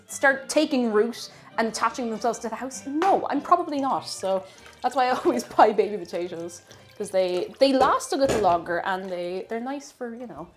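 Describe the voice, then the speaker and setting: A young Irish woman chatting casually on a cooking live stream in her home kitchen, reading out viewer comments with playful asides. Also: fairly high pitch.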